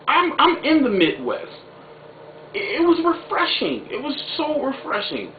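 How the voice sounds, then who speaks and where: Excitable slangy man on a tinny recording. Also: very high-pitched, measured pace. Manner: excitable, slangy, emphatic exclamations. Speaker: video blogger. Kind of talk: opinionated political vlog commentary. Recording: tinny echoey home recording with faint noise.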